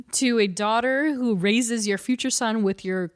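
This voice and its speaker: Animated woman chatting, dry close sound. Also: a little high, slow pace, no room sound. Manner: animated, laughs often, acts out quotes with loud outbursts. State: short on sleep. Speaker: podcast co-host. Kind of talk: casual chat.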